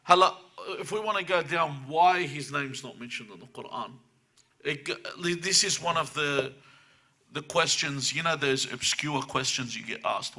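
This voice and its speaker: A man's voice: on the high side, unhurried, bright, forceful tone. A man giving a religious lecture to a live audience in a room, driving his points home with emphatic rhetorical questions.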